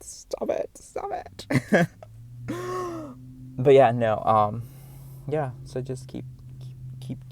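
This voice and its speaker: Gravelly, earnest man encouraging viewers. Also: medium pitch, a little mellow. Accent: noticeable non-standard accent. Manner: earnest, encouraging, rambling with many fillers and repeats. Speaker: vlogger. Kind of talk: casual motivational talk to camera.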